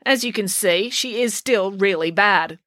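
A woman's voice: medium pitch, measured pace, fairly bright tone, dry recording, studio quality, pitched above the performer's own voice, close to an everyday voice. A woman voicing an earnest young boy who explains everything in a matter-of-fact tone.

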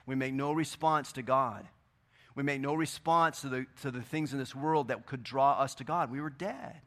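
A man preaching a sermon in a church, swinging between loud, emphatic bursts and quieter scripture reading. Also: medium pitch, normal speed. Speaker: pastor. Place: church sanctuary.

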